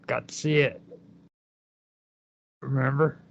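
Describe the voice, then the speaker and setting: A man ribbing his co-host loudly and teasingly in casual podcast chat. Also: mid-range voice, steady tone, takes it slowly, creaky, lo-fi sound, a little hiss or hum.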